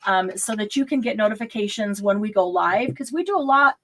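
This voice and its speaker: A woman's voice: medium pitch, lively intonation, brisk. A middle-aged woman hosting a casual live craft stream, chatting and laughing often and sometimes losing her train of thought.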